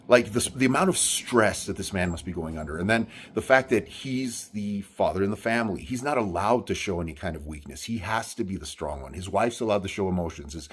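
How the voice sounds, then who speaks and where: Low, husky-voiced man telling a story. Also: animated. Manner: earnest, halting, many restarts and fillers. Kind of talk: personal storytelling monologue.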